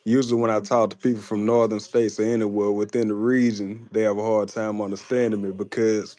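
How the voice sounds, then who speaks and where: A man with a Southern Mississippi accent calls in to a talk show. He sounds relaxed but assertive, and his voice is close and dry with no room sound. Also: fairly low pitch, brisk, no echo. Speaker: caller. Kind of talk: casual call-in talk.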